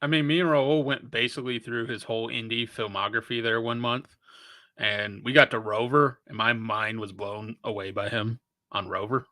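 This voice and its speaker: A man's voice: mid-range voice, steady tone, normal speed, bright, forceful tone, dry recording. A man co-hosting a film podcast, making thoughtful points in casual chat with some swearing. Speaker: podcast co-host.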